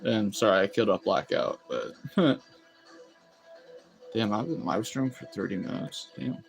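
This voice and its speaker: A man's voice: fairly low pitch, moderate pace, gravelly, faint music behind. A man chatting casually on a live stream, rambling and laughing often as he reacts to chat. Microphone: phone.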